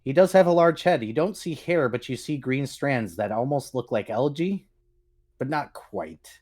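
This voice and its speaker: A man running a tabletop role-playing game on a stream, describing scenes in a relaxed way with some fillers. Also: mid-range voice, moderate pace. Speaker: game master.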